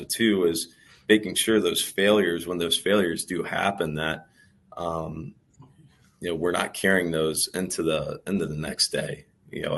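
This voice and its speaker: Man, ballplayer, low voice, husky, candid storytelling, rambling and thoughtful. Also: fairly bright tone. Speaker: professional baseball player. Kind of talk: reflective storytelling in interview.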